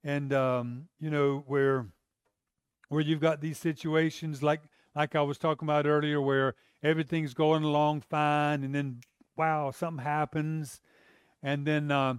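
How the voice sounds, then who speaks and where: Guy preaching a sermon, chatty, asks the crowd questions, kinda higher voice, dry sound. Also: smooth, no echo. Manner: conversational, asks rhetorical questions; repeats and restarts phrases.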